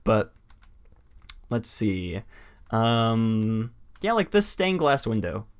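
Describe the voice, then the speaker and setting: A man's voice: fairly low pitch, very animated, very slow, clean tone. Rambling young man with hiccups. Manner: rambling, many fillers and restarts. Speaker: podcast co-host. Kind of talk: casual chat.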